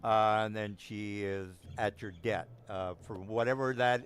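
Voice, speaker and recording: A man's voice: lowish voice, steady tone, a little slow, a little hiss or hum. A man narrating a tabletop game as game master, stalling often with fillers and restarting his sentences. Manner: hesitant, full of fillers and restarts.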